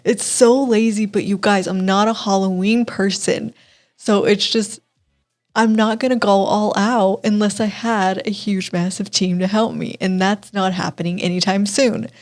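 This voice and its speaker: A woman's voice: medium pitch, fairly even intonation, unhurried, darkish tone. A woman from Texas hosts a casual entertainment web segment. Her voice sits in a middle register, and she talks in a loose, chatty way, laughing easily and making self-deprecating asides. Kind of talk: casual web show chat.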